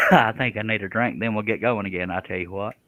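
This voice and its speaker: A man's voice: on the low side, a little fast, phone-quality sound. A man hosting a casual woodworking live stream from his workshop, joking about himself and reading viewer comments aloud. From Texas.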